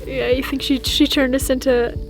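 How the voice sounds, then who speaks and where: A woman's voice: high voice, flat delivery, moderate pace, soft background music. A young woman chatting playfully in a casual travel vlog. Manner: playful, giggly. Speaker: vlogger.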